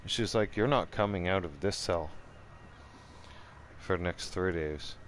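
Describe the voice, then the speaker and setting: A man's voice: low voice, unhurried, a little hiss or hum. A Canadian man quoting a stern female prison officer who hands down a punishment.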